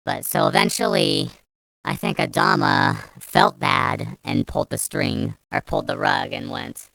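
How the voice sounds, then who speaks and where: A young woman vlogger tells a storytime rant, angry and swearing constantly, rambling and restarting her sentences. Her voice sits low and creaky with a fairly bright tone, and she speaks unhurriedly. The recording is dry.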